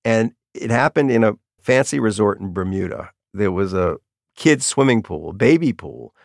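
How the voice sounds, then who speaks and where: Middle-aged guy, gravelly voice, animated storyteller, dry studio sound. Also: lowish voice, normal speed, no room sound. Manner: animated storyteller, acts out quotes. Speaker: guest, author. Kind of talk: storytelling in an interview.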